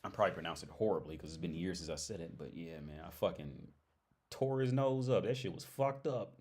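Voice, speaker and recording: A man's voice: low voice, expressive, a little fast, a little mellow, husky. A man hosting a livestream, telling a story in a loose, rambling way, laughing often, swearing and filling his talk with "like" and "right?". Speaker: livestream host.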